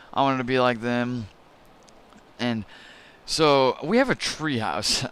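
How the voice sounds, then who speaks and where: A man's voice: medium pitch, fairly bright tone, clear, resonant tone. A young man hosting a gaming channel, telling a story over gameplay in a rambling, casual way full of "you know" and fillers.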